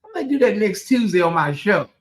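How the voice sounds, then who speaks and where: A channel host doing live reaction commentary with a sassy, gossipy way of talking, calling viewers "girl" and "honey" and swinging between loud exclaims and low asides. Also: very animated, fast.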